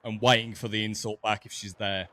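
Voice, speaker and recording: A man with a softened Black Country accent chatting casually while streaming a game, laughing often and stumbling over his words. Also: fairly low pitch, level tone, fairly quick, no room sound. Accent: Black Country English, softened. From English West Midlands. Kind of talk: casual chat while gaming.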